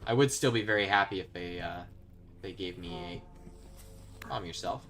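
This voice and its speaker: A young man giving casual commentary while he plays a video game. He swings from quiet muttering to yelling when he is excited. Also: deep voice, a little fast, faint music behind. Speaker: gaming video host. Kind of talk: casual let's-play commentary.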